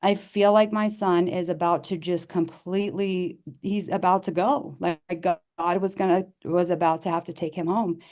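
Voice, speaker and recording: A woman's voice: lowish voice, steady tone, normal speed, hardly any pauses, a little mellow. A middle-aged woman, a podcast guest, telling a personal story in casual conversation, earnest and heartfelt, often restarting her sentences and acting out what people said. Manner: earnest, with many restarts and reenacted dialogue.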